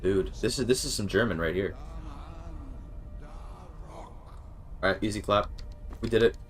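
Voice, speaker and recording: Guy streaming a game, kinda low voice, rambly and swears a lot, faint music in the back. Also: measured pace. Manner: chatty, swears, restarts sentences when frustrated. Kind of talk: casual gaming livestream commentary.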